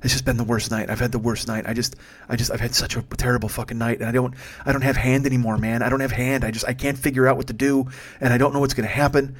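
Man doing a distraught young guy, rambling, stammering, profane, quick. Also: medium pitch, level tone, lightly acted. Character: frantic distraught young male passenger.

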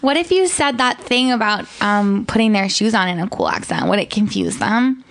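A woman's voice: medium pitch, sing-song, moderate pace. A woman co-hosting a comedy podcast in character, playful and goofy, laughing often. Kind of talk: improvised comedy banter.

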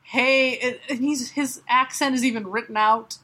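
A woman co-hosting a podcast, retelling a comic book in a sarcastic, profane, animated way. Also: on the high side, normal speed. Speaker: podcast co-host. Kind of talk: casual comic book chat.

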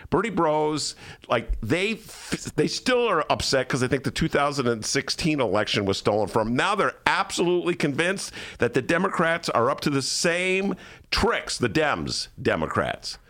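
A man's voice: on the high side, normal speed. A man hosting a podcast, telling comedic stories in casual chat and acting out the people in them. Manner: animated storyteller who acts out other people. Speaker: podcast host.

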